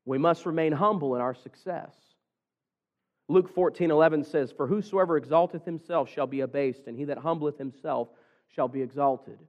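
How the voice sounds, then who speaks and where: A man's voice: on the high side, moderate pace, highs cut off. A man preaching an earnest evening sermon to his church, with raised, pleading stretches. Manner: earnest, building to raised pleas.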